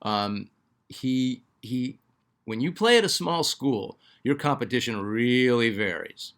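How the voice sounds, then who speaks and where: A man hosting a basketball fan channel in loose, casual commentary. He talks in a chatty way at an ordinary middle pitch, full of "uh"s, restarts and asides as he works through viewer comments. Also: expressive, takes it slowly, a bit bright. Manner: chatty, filler-heavy, restarts often. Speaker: sports channel host.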